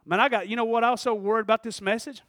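A man preaching a sermon in church, swinging from shouted passion to quiet, conversational asides and laughter. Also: extremely high pitch, steady tone, rapid-fire, dry recording, studio quality. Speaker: pastor. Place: church service.

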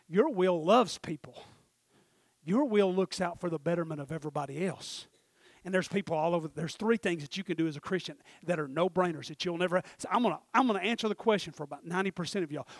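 A middle-aged man delivers a sermon in a high-pitched voice. He drops to a near hush and then climbs to shouted exhortation. The sound is close and dry, with no room around it. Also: fast talker, no room sound. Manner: swings from quiet confiding to shouted preaching. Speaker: pastor.

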